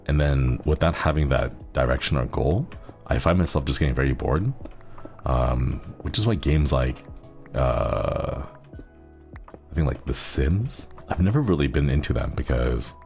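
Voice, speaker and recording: Male streamer, very low and gravelly, rambling chat over faint music, throat a bit strained. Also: lively intonation, measured pace, darkish tone. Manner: rambling, chuckles often, thanks viewers. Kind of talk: casual gaming stream chat.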